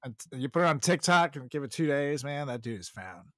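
Playful, lively male podcast host. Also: medium pitch, a little fast, no room sound, clean studio sound. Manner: laughs often, playful and joking. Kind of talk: casual chat.

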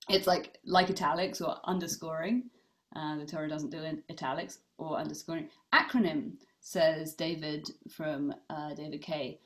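A woman's voice: low voice, fairly even intonation, moderate pace. A woman rabbi leading a casual online study class, thinking aloud with fillers and reading out participants' comments. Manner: thoughtful, many fillers and restarts, reads out participants' comments. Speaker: rabbi teaching a study session.

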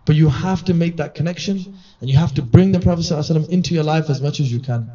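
This religious teacher talks very fast in a warm, slightly high voice, offering an earnest sermon-style reminder to a gathering. Conversational throughout, he acts out quoted voices, recorded in a gathering hall on a distant mic with dull lo-fi sound.

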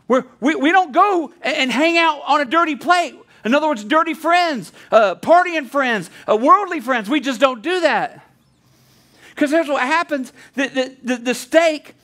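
High-voiced man preaching casually. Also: a bit bright. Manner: conversational preaching with asides and repeated restarts. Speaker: pastor. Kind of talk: sermon.

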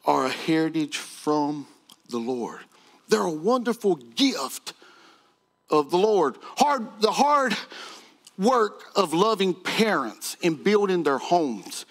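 A man with a high voice preaches to his congregation. He builds fervor through repetition and rhetorical questions, speaking as a pastor in full sermon mode. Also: a bit bright.

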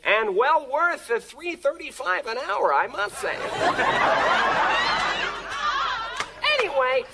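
A woman's voice: sits high, huge pitch swings, slow pace, a loud crowd, full character voice. A woman playing a joking male talk-show host in a comedy sketch, firing off punchlines. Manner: joking, upbeat, punchline delivery. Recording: noisy TV studio broadcast with audience.

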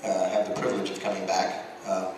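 A man's voice: low-pitched, completely flat delivery, quick pace. A man speaking as a convention panelist, in easygoing, rambling casual talk in a large hall. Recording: echoey hall, distant mic, background noise.

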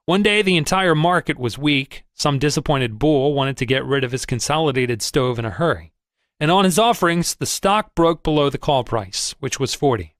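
Expressive male audiobook narrator, lively pitch. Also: normal speed, dry recording, clean studio sound. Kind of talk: first-person audiobook narration.

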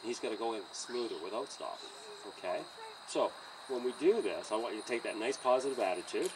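A man training a horse outdoors by a trailer, coaching a student in an encouraging, animated way and often laughing. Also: mid-range voice, a little fast. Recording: distant outdoor mic with insect noise.

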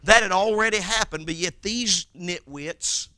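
A man preaching a revival sermon, swinging between loud shouted lines and quiet, hushed scripture quotes. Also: sits high, unhurried, dry recording, clean studio sound.

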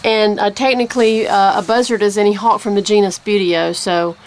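A woman's voice: mid-range voice, fairly even intonation, a little fast, slight background noise. A woman who teaches about birds of prey, chatting casually outdoors by a barn and cooing baby talk to her birds. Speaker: bird of prey educator.

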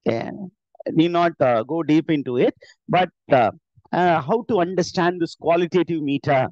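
A man's voice: on the high side, normal speed, darkish tone, dry recording. Indian man teaching an online class. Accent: Indian English. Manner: explains step by step with many filler "uh"s and self-corrections. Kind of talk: live online lecture. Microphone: computer mic on an online class call. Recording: dull, dry online call audio.

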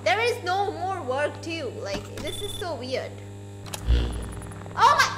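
A young woman streaming a horror game, talking loudly and excitably, swearing and sometimes screaming. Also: very high voice, unhurried. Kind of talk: let's play commentary. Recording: game music behind her voice.

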